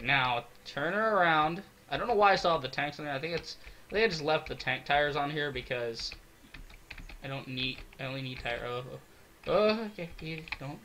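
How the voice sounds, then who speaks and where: A young man giving excitable, swear-filled let's-play commentary, talking to himself as he builds in a game. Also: a little high, slight background noise. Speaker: gaming video creator.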